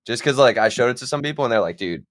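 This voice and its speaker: A man's voice: mid-range voice, very fast, no room sound, studio quality. A young man on a podcast, telling stories in casual chat and rambling as his voice drops off at the ends of phrases. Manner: rambling storyteller, trails off quietly. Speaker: podcast guest.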